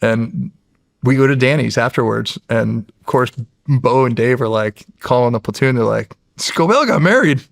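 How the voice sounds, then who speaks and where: A middle-aged man from the United States with a gravelly, fry-touched voice, telling stories from his service years. He talks casually and in an animated way, full of fillers and restarts, at an everyday pitch for a man. The sound is close and dry, with no room around it. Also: normal speed, no room sound. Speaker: podcast guest, former Navy SEAL. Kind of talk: casual storytelling.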